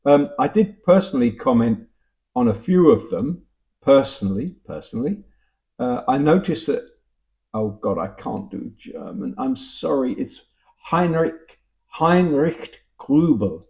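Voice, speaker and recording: An older man with a Cockney accent reads viewer comments aloud and answers each with wry, musing asides. His voice is mellow and dark. The recording sounds dull and lo-fi. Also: medium pitch, big pitch swings, unhurried. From England. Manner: musing, wry, self-interrupting. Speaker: vlogger reading viewer comments. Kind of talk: casual chat. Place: home in Vienna.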